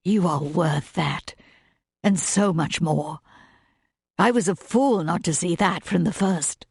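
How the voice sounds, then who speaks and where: Woman voicing an earnest, humble gentleman suitor. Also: fairly low pitch, takes it slowly, gravelly, slightly rough, dry recording, clean studio sound, exaggerated voice. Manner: sincere, gently pleading. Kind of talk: audiobook narration.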